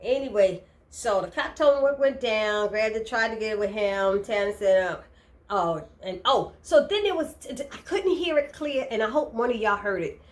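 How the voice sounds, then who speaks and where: A woman recapping a TV episode in casual chat, animated and retelling the dialogue. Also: a little high, moderate pace.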